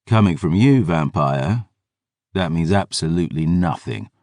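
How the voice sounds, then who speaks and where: A man voicing a wrathful, weary veteran warrior who speaks in a gruff, growling way. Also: low voice, animated, measured pace, darkish tone, no room sound. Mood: bitter.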